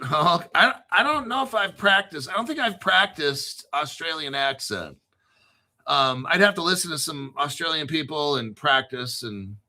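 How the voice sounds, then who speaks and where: Bright-voiced profane crypto host. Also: male voice, a little high. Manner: rambling, profane, reads off long lists. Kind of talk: casual livestream chat.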